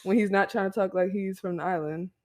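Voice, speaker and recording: A young woman co-host with a mid-pitched voice who talks in a chatty, playful way and giggles often. Her talk is loose and casual. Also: fairly even intonation, a little fast, darkish tone. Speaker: podcast co-host. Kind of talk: casual chat.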